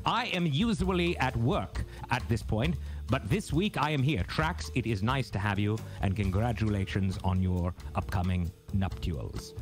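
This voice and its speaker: A man's voice: on the low side, lively intonation, measured pace. A man playfully hosting a live intermission, reading viewer messages in a mock-grand, theatrical, teasing manner. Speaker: intermission host reading chat. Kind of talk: playful live-stream chat banter. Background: jazzy background music.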